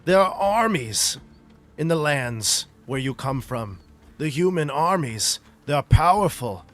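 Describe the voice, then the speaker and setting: Man doing a gruff refined stone giant, slow measured speech, raised voice, faint music behind. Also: a little high, expressive, fairly bright tone, pitched above the performer's own voice. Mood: wary. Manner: slow, measured, weighty delivery.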